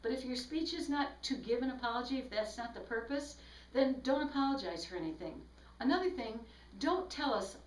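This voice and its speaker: A woman's voice: high-pitched, lively intonation, fairly quick, distant mic. A woman speech instructor giving a recorded lecture, explaining tips and demonstrating examples aloud. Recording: echoey room, voice from off-mic.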